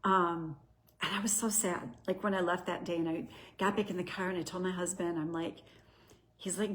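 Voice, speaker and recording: A woman's voice: fairly low pitch, steady tone, moderate pace. A middle-aged woman hosting a show, sharing a personal testimony in an earnest, conversational storytelling way. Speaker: host.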